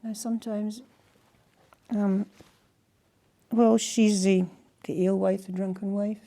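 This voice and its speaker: An older woman with a Scottish accent, telling stories by the fireside in a gentle, halting way that often trails off to a hush. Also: mid-range voice. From Scotland. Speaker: storyteller and singer. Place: indoors in a house by a fireside.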